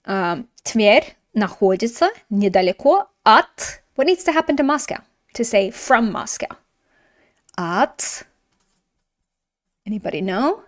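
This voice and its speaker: A woman teaching a grammar lesson in a lively, chatty way, with playful asides and frequent teacherly check-ins. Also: mid-range voice, slow pace, long pauses. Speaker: Russian language teacher.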